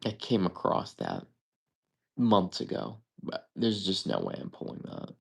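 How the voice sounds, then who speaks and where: A man's voice: low-pitched, wildly swooping pitch, measured pace, creaky, slightly rough. A young man hosting a live trivia stream, thinking aloud in casual chat and often stammering and correcting himself.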